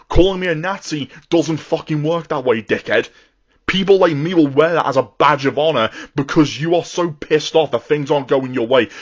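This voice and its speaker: A man's voice: a little high, normal speed. Angry, swearing man. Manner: heated, profane, stumbling repetitions. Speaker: vtuber ranting on politics. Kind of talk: angry political rant.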